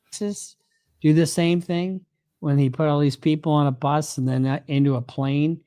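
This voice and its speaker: A man's voice: on the high side, fairly even intonation, normal speed, mellow, smooth, no echo, clean studio sound. A man talking as a criminal lawyer guest in a casual opinion chat, discursive and rambling with many fillers.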